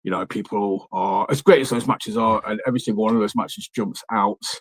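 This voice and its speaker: A man's voice: fairly low pitch, fairly quick, breathy edge. A man hosting a podcast in easygoing conversation, chatty and enthusiastic, with plenty of fillers and restarts. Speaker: podcast host. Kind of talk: casual wrestling podcast chat.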